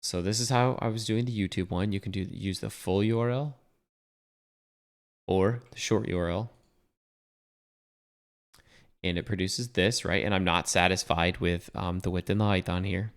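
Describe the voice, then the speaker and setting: Casual low-voiced man explaining code. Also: fairly even intonation, moderate pace, clean tone. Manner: casual and thinking aloud, with fillers and self-corrections. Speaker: web developer teaching a coding tutorial. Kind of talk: casual screen-share coding tutorial.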